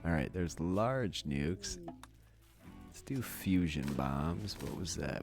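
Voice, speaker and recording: A man's voice: deep voice, sing-song, takes it slowly, soft background music. A man from Wisconsin giving casual gameplay commentary, thinking aloud and chuckling often. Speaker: let's play gamer.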